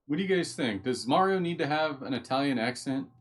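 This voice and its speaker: Male live-stream host with a mid-range voice. Casual and rambling, easily distracted, with soft music in the background. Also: medium pitch, animated, brisk. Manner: chatty, easily sidetracked, thinks aloud while reading.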